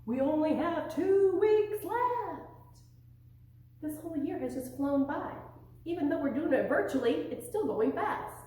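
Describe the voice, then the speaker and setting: A woman teaching an online preschool lesson, encouraging and animated, with a sing-song delivery, in a very echoey room away from the mic. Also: sits high, unhurried, distant mic.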